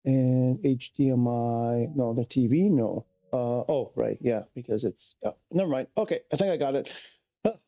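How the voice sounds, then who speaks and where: Man, gravelly mellow voice, rambling stream chatter, dull lo-fi sound. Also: mid-range voice, lively intonation, normal speed. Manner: rambling, thinking aloud, self-correcting. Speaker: game streamer. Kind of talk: casual live-stream chat.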